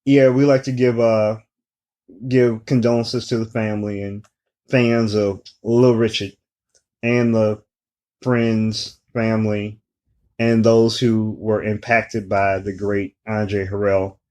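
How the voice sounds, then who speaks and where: Laid-back low-voiced man in his forties. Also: little pitch movement, a little mellow. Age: 40s. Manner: unhurried, laid-back delivery with many fillers. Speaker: podcast co-host. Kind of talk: casual chat.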